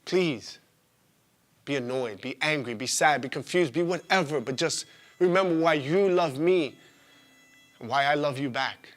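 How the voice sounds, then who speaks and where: A man in his twenties performing a theatrical spoken-word monologue, raw and profane, swinging from loud outbursts to hushed confession. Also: on the high side, measured pace, pauses often. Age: 20s.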